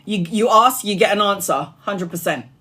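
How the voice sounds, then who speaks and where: A woman chatting casually on a phone live stream as a tarot reader, animated and laughing often, swearing freely and sounding tired after hours live. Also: medium pitch, normal speed, slight background noise.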